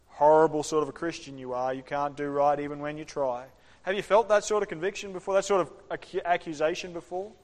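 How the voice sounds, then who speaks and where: A man preaching an interactive sermon, animated and acting out the voices of the people in his story. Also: a little high. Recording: long hall reverb.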